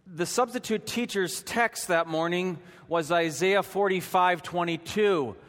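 A man preaching a sermon in a church, telling a story dramatically and rising to shouts at its peak. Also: sits high, unhurried, long reverb tail. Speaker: pastor. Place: church sanctuary.

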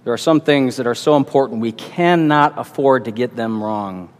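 A man's voice: medium pitch, normal speed, long reverb tail. A man preaching a sermon, earnest and emphatic, often repeating words as he builds his point.

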